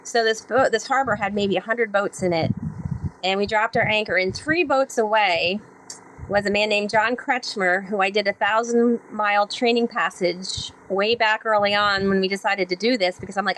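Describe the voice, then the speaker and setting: A woman guest on a podcast who is a sailor and author, telling her experiences in an animated, rambling way with many fillers and acted-out quotes. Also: medium pitch, moderate pace, a little hiss or hum, rough recording. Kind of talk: conversational storytelling interview.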